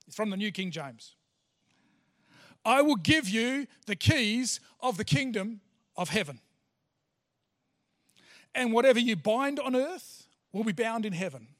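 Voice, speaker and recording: A man's voice: very high voice, a bit bright. A male pastor preaching a sermon in church, emphatic, repeating phrases and restarting himself. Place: church hall.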